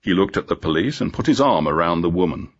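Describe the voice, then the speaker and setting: A man narrating a storybook for English learners in a measured, clear reading, on a dull lo-fi recording. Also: low voice, animated.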